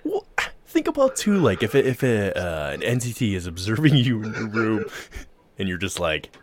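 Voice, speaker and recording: A man's voice: on the low side, huge pitch swings, normal speed. A man chatting as a podcast guest, joking and laughing often. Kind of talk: casual podcast chat.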